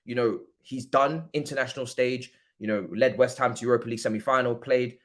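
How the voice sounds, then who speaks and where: A young man hosting a football watchalong stream, talking casually in slang and breaking into loud mock-outraged rants. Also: medium pitch, steady tone, fairly quick. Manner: laid-back football opinions. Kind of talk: casual livestream chat.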